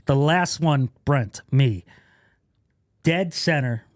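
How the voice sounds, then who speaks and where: A comedian guesting on a podcast tells stories in casual conversation, speaking slowly at medium pitch. He laughs often and acts out what other people said, and the recording is dry with clean studio sound.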